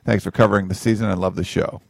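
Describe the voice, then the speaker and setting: Deep, gravelly podcast host. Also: male voice, fairly even intonation, quick pace, a little mellow, no echo, studio quality. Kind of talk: casual podcast chat.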